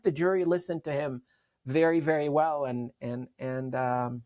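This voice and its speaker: Interview guest: middle-aged man, earnest, halting repetitions. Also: on the high side, fairly even intonation, a little mellow. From Syria. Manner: earnest, repeats and restarts words. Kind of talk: interview storytelling.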